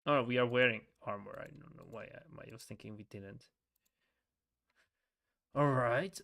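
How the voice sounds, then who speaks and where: A man's voice: medium pitch, moderate pace, vocal fry, fairly bright tone. A man giving casual let's-play commentary while playing a story game, rambling with frequent chuckles and restarts.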